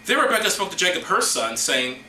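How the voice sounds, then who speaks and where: A man hosting a comedy show, reading scripture in a hammy, mock-solemn way with deadpan asides. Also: high voice, fairly quick, roomy sound, slight background noise, low-quality recording. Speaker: host.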